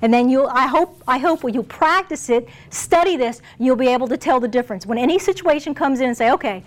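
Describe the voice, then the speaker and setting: A woman delivers a sermon in a relaxed, conversational manner, laughing often. Her voice sits high, and she acts out quoted lines as she teaches. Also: a little fast. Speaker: preacher.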